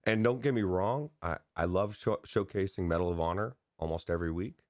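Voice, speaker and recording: A man co-hosting a gaming podcast, talking in a loose, excitable, rambling way with many restarts. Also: low voice, fairly quick, no room sound, clean studio sound. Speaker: podcast co-host. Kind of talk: casual chat about gaming news.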